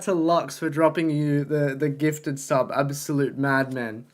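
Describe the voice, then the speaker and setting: A young man chatting casually on a live stream, talking to his chat, excitable and swearing often, into a desk microphone. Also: on the high side, unhurried. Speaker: livestreamer.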